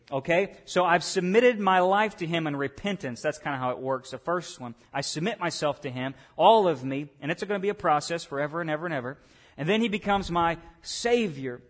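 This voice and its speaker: A man preaching a sermon, asking the room questions and rising loud on key points. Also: on the high side. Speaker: pastor.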